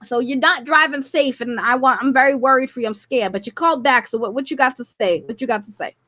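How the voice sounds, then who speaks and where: A woman hosting a casual live call-in stream, talking loudly and sassily, swearing, and rambling into her desk microphone. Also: high voice, fast. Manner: loud, sassy and profane, with rambling rants. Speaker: live call-in show host.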